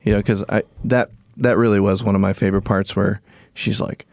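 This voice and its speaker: A man's voice: on the low side, fairly even intonation, fairly quick, vocal fry, a little mellow, no room sound, studio quality. A man co-hosting a podcast, easygoing and affirming in casual chat. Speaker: podcast co-host.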